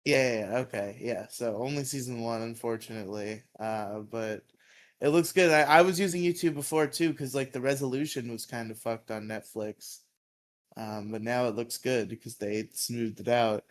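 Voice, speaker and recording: A man's voice: mid-range voice, moderate pace. A man co-hosting a podcast, recapping a TV episode in casual, rambling talk with lots of fillers and laughs. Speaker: podcast co-host.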